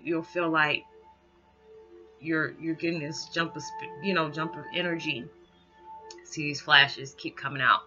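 In an emotional spiritual message vlog, a woman who works as a spiritual reader speaks haltingly in a deep voice, holding back tears and filling pauses with "you know." Her message is heartfelt. The sound is dull and lo-fi, with background music playing.

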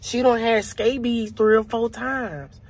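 A man voicing a streetwise male cockroach who talks in a gruff, profane, bargaining way. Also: extremely high pitch, steady tone, takes it slowly, heavily acted. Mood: gossipy. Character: streetwise talking male cockroach, bossy and blunt.

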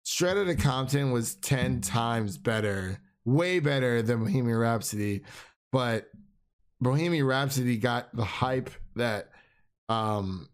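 A man's voice: medium pitch, expressive, slow pace. A young man co-hosting a casual film chat, rambling with many restarts and frequent laughter. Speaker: film podcast co-host.

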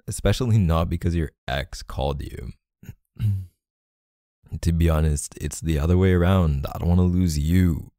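A man in a whispered role-play as a boyfriend, talking softly and affectionately in murmurs. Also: rumbling low, a little slow, gravelly, pauses often, no echo, studio quality. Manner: soft, murmuring, affectionate and emotional.

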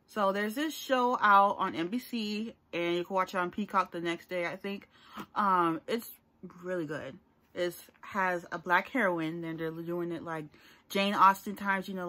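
A woman's voice: fairly low pitch, bright, forceful tone. A young woman talking casually to her viewers in a rambling, chatty vlog. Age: young adult. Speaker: YouTuber.

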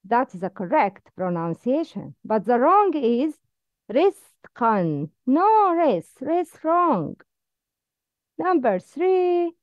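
Slow, careful woman teacher. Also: sits high, no room sound, lo-fi sound. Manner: slow, careful drilling with repeated prompts. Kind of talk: Arabic letter pronunciation lesson.

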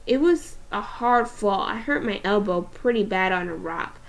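A woman teacher reading a novel aloud, expressive and with small restarts. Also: mid-range voice, moderate pace, creaky.

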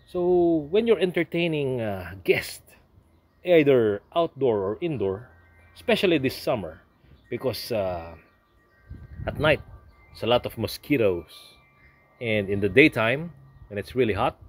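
A man casually unboxing a product, reading the label aloud and breaking into excited asides, at home in New Zealand. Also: medium pitch. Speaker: unboxing vlogger.

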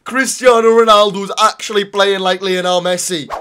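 A young man commentating his own football video game, swinging between excited shouts and low mutters, swearing freely. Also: moderate pace, slight background noise. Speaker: gaming YouTuber. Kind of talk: live gameplay commentary.

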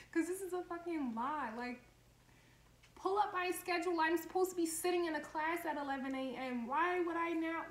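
A woman's voice: extremely high pitch, moderate pace. A woman in her twenties telling a heated, profane story in a casual vlog. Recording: echoey room, faint background noise.

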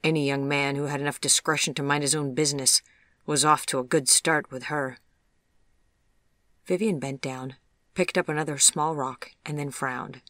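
A gentle, measured audiobook narrator reading a storybook tale at a middle pitch. The delivery is even and unhurried, recorded close and dry. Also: no echo.

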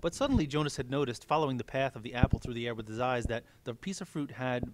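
Man, teacher reading a novel aloud, measured, plain delivery, mid pitch. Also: expressive, a little hiss or hum.

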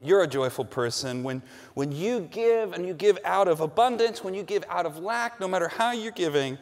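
A man's voice: high voice, expressive, moderate pace. A man preaching a sermon as pastor, emphatic and building with repeated phrases in a large church. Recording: long hall reverb.

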